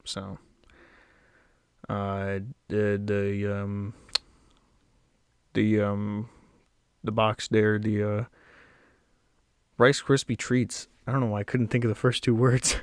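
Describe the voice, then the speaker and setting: A man's voice: on the low side, flat delivery, slow, long pauses, clear, resonant tone, dry recording. Laid-back young man with a dry close sound. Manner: rambling and self-deprecating, with blunt verdicts. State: slightly out of breath. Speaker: snack reviewer. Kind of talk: casual solo video commentary.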